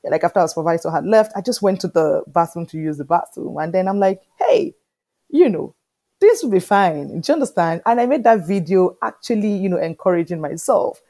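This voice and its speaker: A woman in her thirties speaks as an interview guest with a fairly low voice. She tells her story with lively energy and keeps checking in with "do you understand?". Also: quick pace, few pauses. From Nigeria. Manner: animated storyteller, often asking "do you understand?". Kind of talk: conversational interview.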